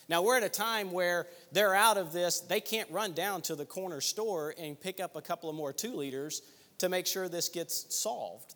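A man's voice: high-pitched, fairly bright tone. Man leading a Bible study in an echoey hall. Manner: conversational, thinks aloud with restarts. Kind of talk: teaching a group discussion.

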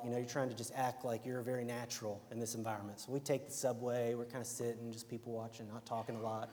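The young man's mid-range voice sounds a little mellow as he gives a conversational sermon in an Alabama accent. He often pauses to ask "right?", and the recording has a long hall reverb.

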